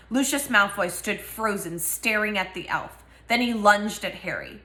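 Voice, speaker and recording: Woman reading a chapter out loud, doing all the voices, bright, echoey room. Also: mid-range voice, measured pace, hardly any pauses. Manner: expressive, voices each character. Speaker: reader. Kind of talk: reading a novel aloud.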